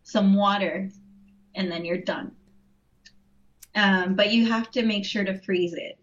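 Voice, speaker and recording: A woman talking easily as an interview guest, relaxed and often laughing, with plenty of ums between thoughts. Her voice sits at an ordinary middle pitch. The recording sounds a little dull and lo-fi. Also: unhurried. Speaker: interview guest, home vegan cook. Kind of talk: casual interview chat.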